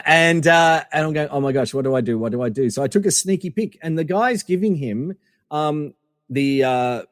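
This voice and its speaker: A man's voice: fairly high pitch, no echo, clean studio sound, in a large hall. Chatty Australian man telling stories. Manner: animated anecdotes with many fillers and restarts. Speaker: podcast guest. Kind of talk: casual storytelling interview.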